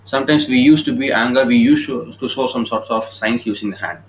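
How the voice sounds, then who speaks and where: A man's voice: medium pitch, fairly quick, slight background noise, rough recording. A man teaching communication skills over slides, explaining informally and often checking "okay?" between points. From India. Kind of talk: recorded slide lecture. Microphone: laptop recording.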